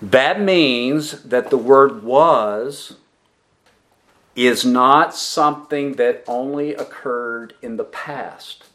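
Slow, deliberate male preacher. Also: medium pitch, fairly bright tone. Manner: slow and deliberate, asking the congregation questions and answering them; stresses key words with emphatic pauses. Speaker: pastor. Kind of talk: expository sermon.

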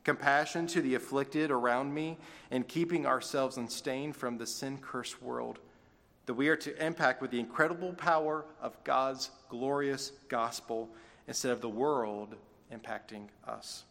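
A man's voice: mid-range voice, unhurried, vocal fry, fairly bright tone. A man delivers a sermon in an easy, conversational way, slipping in folksy asides. His medium voice rings out with the long reverb of a church sanctuary. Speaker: pastor.

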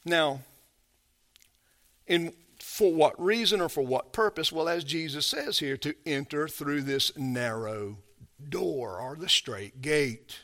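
A man preaching a sermon, emphatic and drawn out, who swings between hushed and forceful passages and often repeats himself. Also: fairly high pitch, slow pace. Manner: repeats words and restarts often. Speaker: pastor.

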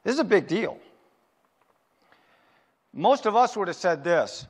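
A man preaching a sermon as pastor, asking rhetorical questions and answering them himself, slowing down to stress his points. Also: high voice, sing-song, husky, big-room sound. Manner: emphatic, slows down to stress points.

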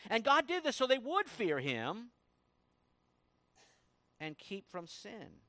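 A man preaching a sermon in a high, very lively voice that climbs and drops with every point. He swings from booming emphasis to quiet, low asides. The sound is close and dry, with no room around it. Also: slow, no echo. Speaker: pastor.

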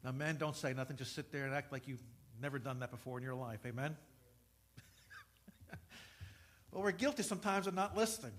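A middle-aged pastor tells stories in his sermon, acting out the dialogue before building to emphatic points. He speaks at medium pitch and a moderate pace, with long pauses and a somewhat bright tone.

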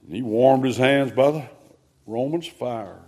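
A man preaching a sermon in a folksy, conversational way, swinging between loud emphasis and hushed asides. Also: mid-range voice, a little slow.

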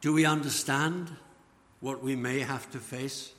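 A man preaching a sermon, slow and emphatic, letting phrase ends fall away. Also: medium pitch, fairly even intonation, fairly bright tone. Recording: long church reverb.

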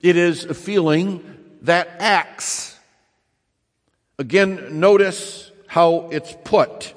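A man preaching a sermon, emphatic, repeating key phrases and slowing down to stress them. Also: a little high. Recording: long reverb in a large hall.

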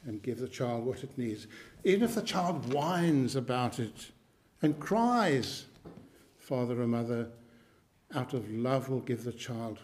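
Slow, emphatic male preacher. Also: mid-range voice, a little mellow. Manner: slow, emphatic, repeats key phrases; clears his throat now and then. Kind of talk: sermon.

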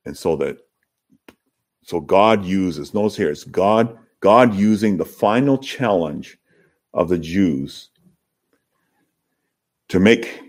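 A man's voice: deep voice, animated, takes it slowly, long pauses. A man preaching an expository sermon to his congregation, building to emphatic peaks. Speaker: pastor.

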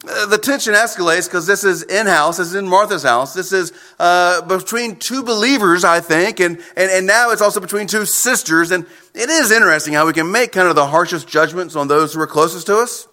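Lively, bright-voiced man preaching. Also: high-pitched. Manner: expressive preaching, acts out quoted lines. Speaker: pastor. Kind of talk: sermon.

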